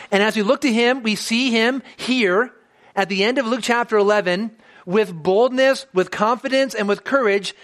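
A pastor preaching a sermon in church, earnest, building to emphatic peaks and then dropping low and quiet. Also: male voice.

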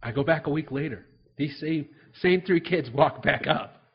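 A man's voice: a little high, normal speed, slightly rough, highs cut off. Earnest preacher man telling stories. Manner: earnest storytelling, repeats words, acts out dialogue. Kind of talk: sermon with personal stories.

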